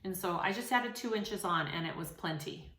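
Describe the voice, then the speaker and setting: A woman's voice: on the low side, moderate pace, fairly bright tone. A woman hosting a sewing tutorial, talking casually and encouragingly with frequent fillers. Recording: echoey room.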